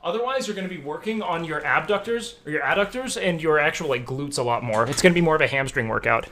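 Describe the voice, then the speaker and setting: A young man with a somewhat high voice runs a live stream and answers viewers' questions about lifting. He explains things knowledgeably but rambles, packing his talk with "like" and restarted phrases. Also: expressive, quick pace, fairly bright tone, a little hiss or hum.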